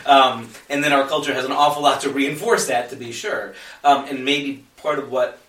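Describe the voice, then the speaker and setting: A man's voice: medium pitch, normal speed, fairly bright tone, echoey room, distant mic, poor audio. A man co-hosting a podcast, talking through theology in a thoughtful, rambling way. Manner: thoughtful, rambling, self-correcting. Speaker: podcast co-host. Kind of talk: casual theological discussion.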